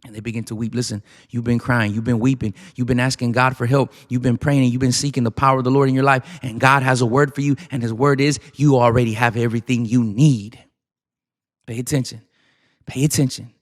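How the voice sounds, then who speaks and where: A man's voice: medium pitch, big-room sound. Urgent, emphatic male preacher. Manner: emphatic, repetitive, urgent exhortation. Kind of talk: sermon.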